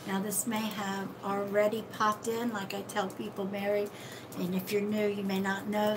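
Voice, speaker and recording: A woman's voice: mid-range voice, noisy background. A woman psychic medium giving casual card readings to viewers on a live stream, chatty and calling people sweetheart and darling.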